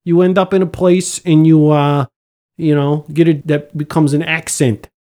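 Brief: laid-back podcast guest, dry deadpan jokes, easygoing delivery. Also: mid-range voice, normal speed. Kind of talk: casual podcast chat.

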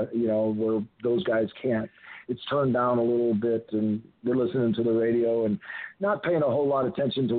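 A man's voice: mid-range voice, slight background noise. An older man, a retired wrestler, telling rambling stories as a guest in a phone interview, often restarting his sentences. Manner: rambling anecdotes with frequent restarts. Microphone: telephone. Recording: tinny phone line.

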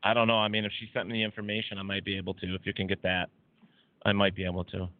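A man's voice: on the low side, completely flat delivery, rapid-fire, no room sound, phone-quality sound. A man hosting a paranormal talk radio show, joking and stumbling over his words. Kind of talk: casual chat.

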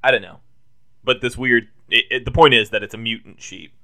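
A man co-hosting a podcast, joking around in casual chat and trailing off into quiet asides. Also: mid-range voice, fairly quick.

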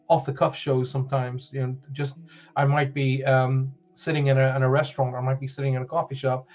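A man with a Northern Irish accent hosts a live-streamed spiritual show, rambling chattily with many fillers and restarts. His voice is medium-pitched and a little mellow, and the stream audio is dull and lo-fi.

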